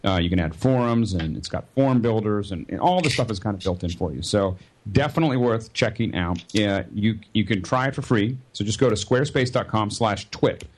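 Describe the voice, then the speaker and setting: A man's voice: on the low side, fairly quick. A man on a podcast doing a sponsor read in a loose, rambling way with lots of fillers. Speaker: regular podcast panelist.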